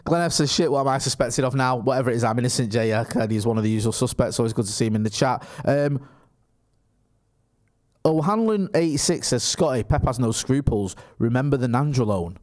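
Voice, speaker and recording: Man, 30s, casual co-host, reads viewer comments, laughs easily, mid pitch. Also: expressive, fairly quick, darkish tone. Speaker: podcast co-host reading live chat. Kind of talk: casual live-stream chat.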